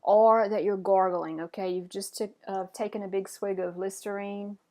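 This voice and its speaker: Her voice is medium in pitch, dark in tone and fairly even in intonation as she teaches French sounds. Patient and encouraging, the teacher pronounces each example slowly and clearly, then has her learners attempt it in this pronunciation lesson.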